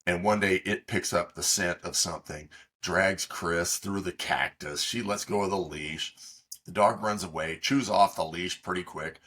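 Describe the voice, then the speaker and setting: A middle-aged man co-hosting a podcast, telling a long, halting story in casual chat with many fillers. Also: deep voice, sharp tone, breathy edge. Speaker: podcast co-host.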